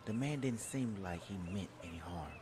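Deep-voiced man narrating a story. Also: expressive, noisy background. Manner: measured, journal-like reading. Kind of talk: scripted first-person storytelling.

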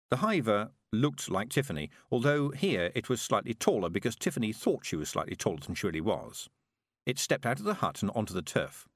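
A man narrating an audiobook with expressive storytelling. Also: fairly low pitch, fairly quick, no echo, studio quality. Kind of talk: scripted narration.

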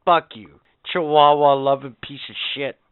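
A man co-hosting a podcast in a crude, swearing rant, with a voice pitched a bit high. The sound is dry and narrow, like it comes over a phone line. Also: fairly even intonation, moderate pace, clean tone, dry recording. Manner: profane and ranting. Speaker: podcast co-host.

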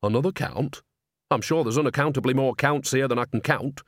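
A man's voice: medium pitch, fairly quick, no room sound, studio quality, natural voice. A man voicing a nosy, cheerful old witch woman who talks in a sly, teasing way, in a storybook reading. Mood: chatty.

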